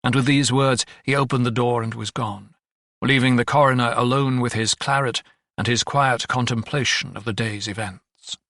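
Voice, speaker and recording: Reading scripted narration for an audiobook, a man tells the story in a measured, level way. His voice is mid-range, captured at studio quality with no room sound.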